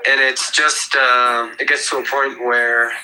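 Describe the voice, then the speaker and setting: Hesitant man with a bright voice. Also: medium pitch, little pitch movement, unhurried, rough recording. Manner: hesitant, many fillers and restarts. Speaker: room moderator and regular caller. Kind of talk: casual call-in discussion.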